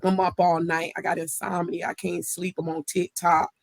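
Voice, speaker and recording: A young woman comedian with a Southern US accent, talking loud, fast and full of energy from home in a casual interview. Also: fairly low pitch, little pitch movement, gravelly, background noise. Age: young adult. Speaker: comedian guest.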